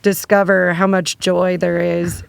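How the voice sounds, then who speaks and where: A woman's voice: fairly low pitch, flat delivery, a little slow, vocal fry, smooth, no echo. A woman chatting as a podcast guest, talkative and enthusiastic, with lots of "like". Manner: chatty, heavy use of "like", enthusiastic. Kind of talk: casual chat.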